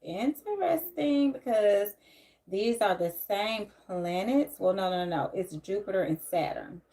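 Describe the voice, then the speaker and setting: A woman with a mid-range, dark-toned voice hosts a casual tarot livestream from her home near a closet, speaking at a measured pace. Her talk is loose, rambling, and down to earth, and she greets viewers by name.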